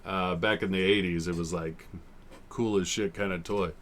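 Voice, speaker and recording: Reviewing old TV episodes on his podcast, this host in his forties rambles casually, swears, and laughs a lot. He speaks at normal speed in a low, steady, slightly bright voice.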